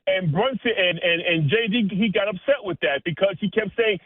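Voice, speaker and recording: Hyped-up guy calling in on a phone, high voice, tinny line, slangy fast talk. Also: no echo. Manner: excited, fast street slang. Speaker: caller. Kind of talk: call-in sports talk.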